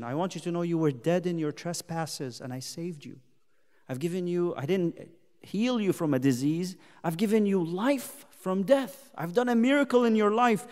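A man's voice: sits high, animated, moderate pace, darkish tone. A man teaching a youth Bible study as a sermon, impassioned, firing rhetorical questions and speaking God's pleas in first person. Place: church hall. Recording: long hall reverb.

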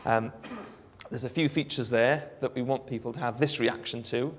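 A Welsh man giving a live demonstration of a phone app, explaining in a relaxed way with frequent ums. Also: mid-range voice, moderate pace, a little hiss or hum. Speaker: app developer giving a presentation. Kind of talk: live product demo talk.

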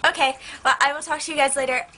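Teen girl vlogger, crisp bright tone, gushing and rambling, soft aquarium filter hum behind her. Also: sits high, fast talker, rough recording. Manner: excitable, rambling, heavy use of "like". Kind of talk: casual chat to camera. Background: turtle tank filter hum.

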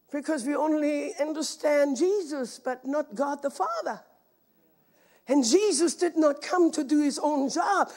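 Woman preacher, very high voice, slow emphatic sermon delivery with shouted peaks. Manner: emphatic, often breaking into shouts.

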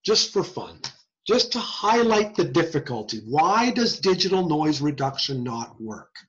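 In a lo-fi screen-share recording, a man with a slightly high voice gives an informal lecture on hearing science. He's lively and conversational, joking as he explains.

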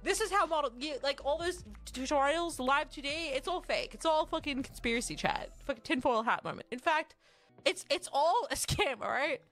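On a dry recording, a high-voiced Australian woman talks to her stream chat at a normal speed. She rambles with excitement and swears frequently.

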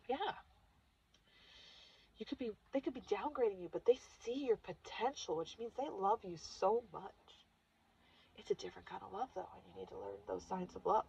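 Gravelly, husky woman telling a personal story. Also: medium pitch, moderate pace, mellow. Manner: emotional, confessional. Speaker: vlogger. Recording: dull lo-fi recording.

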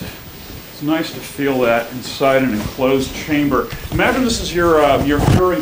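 A man's voice: a little high, noisy background. A man doing a rambling, jokey live performance piece, laughing and leading the audience in chants. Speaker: performance artist. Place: small venue with live audience. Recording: live room with loud crowd.

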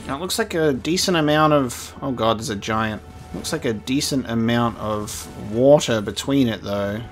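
A man's voice: mid-range voice, normal speed, faint music behind. A man chatting playfully as he commentates a video game he is playing for the first time. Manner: chatty, playful, laughing asides. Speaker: gaming streamer. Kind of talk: let's-play commentary.

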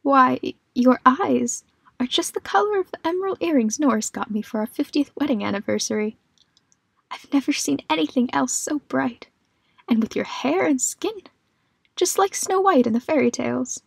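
A woman's voice: high-pitched, lively intonation, normal speed, creaky, slightly rough, dry recording, pitched above the performer's own voice, full character voice. A frail, doting old woman with a thin, raised voice, chatting sweetly and fondly, as a woman narrator puts her on. The voice is dry and close, with no room around it.

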